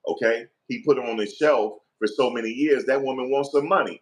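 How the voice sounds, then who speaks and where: A man's voice: on the low side, a little fast, hardly any pauses. A middle-aged man, giving heated opinion commentary in an emphatic, profane, repetitive rant.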